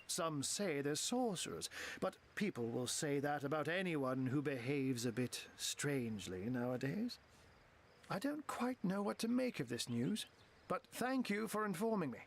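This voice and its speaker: An actor playing a witty, genteel game wizard who turns into a talking cat, speaking in flowery phrases full of cat puns. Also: male voice, high-pitched, creaky, a little hiss or hum, heavily acted. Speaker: game character.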